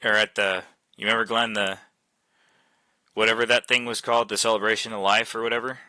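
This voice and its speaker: A man's voice: lowish voice, level tone, a little fast, sharp tone, no room sound. A man telling a long story to friends over voice chat, loose and profane, with a lot of "like" fillers, speaking into a headset mic. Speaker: host chatting with friends on voice chat.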